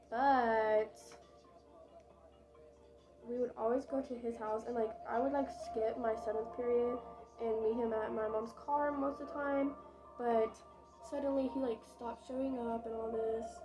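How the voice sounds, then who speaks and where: A woman's voice: fairly high pitch, vocal fry, low-quality recording. A young woman vlogger telling a casual storytime, chatty and dramatic, with lots of fillers and swearing.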